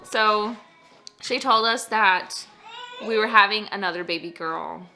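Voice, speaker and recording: A woman's voice: mid-range voice, unhurried, pushed and bright, soft background music. A woman and mother telling a personal story to her camera in a casual, rambling way with frequent laughs, recorded at home on a camera-top microphone. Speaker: vlogger and mother.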